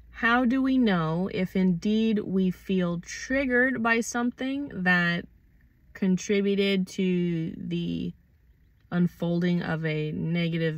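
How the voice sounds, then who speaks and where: A woman's voice: fairly low pitch, no echo. A woman hosting her own channel, talking through her thoughts in a casual, reflective monologue, conversational and loose with swear words. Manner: thoughtful, conversational, swears freely, acts out quoted arguments. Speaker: channel host.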